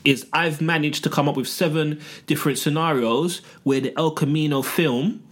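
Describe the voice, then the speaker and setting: A man's voice: on the high side, normal speed. A man co-hosting a casual podcast, telling stories with jokes. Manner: joking, animated storytelling. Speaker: podcast co-host.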